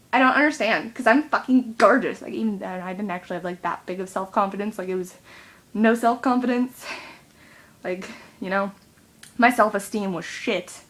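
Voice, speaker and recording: A woman's voice: mid-range voice, a bit bright. A young adult woman vlogging, venting in a rambling, swear-heavy way full of fillers. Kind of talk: casual venting monologue.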